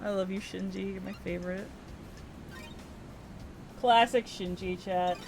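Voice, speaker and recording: A woman's voice: medium pitch, fairly even intonation, measured pace. A woman streaming a video game, chatting casually and playfully, swearing now and then and reading dialogue aloud. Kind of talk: casual chat while playing a video game. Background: game music.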